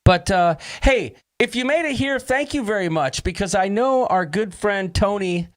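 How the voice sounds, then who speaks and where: Upbeat high-voiced male host. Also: expressive, moderate pace. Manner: jokey, punning, upbeat. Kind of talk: casual livestream chat.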